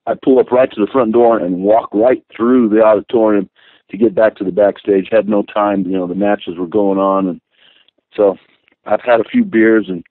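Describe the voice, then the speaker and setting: Older male guest, deep-ish voice, rambling storyteller on a tinny phone line. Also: moderate pace, no echo. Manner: rambling, animated anecdotes with many restarts. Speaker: guest, former wrestler. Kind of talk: storytelling interview.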